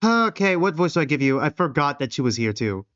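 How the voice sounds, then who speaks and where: A man's voice: on the high side, very animated, brisk, a bit bright, no room sound, muffled recording. Chatty joking guy streaming a game. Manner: casual, joking, thinking aloud. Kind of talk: live gameplay commentary and reading. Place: outdoors, quiet.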